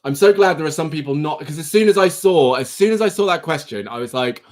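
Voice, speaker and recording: Lively young male quiz-stream host. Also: a little high, fast, few pauses. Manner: chatty, teasing, reads quiz questions and options aloud. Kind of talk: casual live-stream chat. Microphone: phone.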